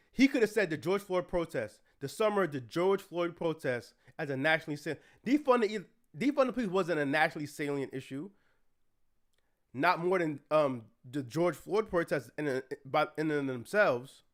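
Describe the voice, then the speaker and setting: Profane, indignant high-voiced man. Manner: profane, indignant, rants and shouts in anger. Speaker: streamer reacting to an article. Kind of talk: heated political commentary stream.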